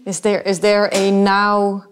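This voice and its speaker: A woman's voice: mid-range voice, monotone, slow pace, noisy background. Hesitant woman hosting a group talk. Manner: hesitant, repeats words, laughs easily. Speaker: host. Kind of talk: casual group discussion.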